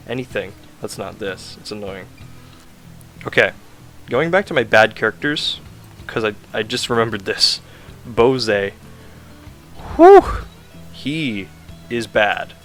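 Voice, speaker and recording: A man's voice: lowish voice, a bit bright. Exasperated man rambling through a review. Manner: exasperated, sarcastic ranting with many fillers. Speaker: game reviewer.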